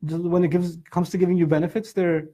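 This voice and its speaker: A man's voice: high-pitched, fast talker. A middle-aged man giving a Quran commentary lecture, telling stories and acting out the people he quotes. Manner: animated storytelling, acts out quotes. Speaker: Islamic lecturer.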